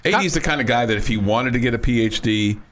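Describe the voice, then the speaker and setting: A man's voice: mid-range voice, quick pace, fairly bright tone, a little hiss or hum. A man co-hosting a sports radio show, easygoing and self-deprecating in the banter. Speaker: co-host.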